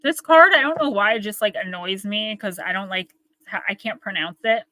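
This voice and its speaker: A woman's voice: mid-range voice, normal speed, pushed and bright, no echo. A woman with a Northern New Jersey accent, chatting and rambling to her viewers as she hosts a live oracle card reading.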